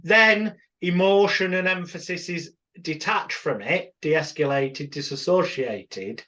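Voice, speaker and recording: A man co-presenter talking things through in a thoughtful, measured way. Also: on the high side, bright, forceful tone. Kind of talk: casual discussion.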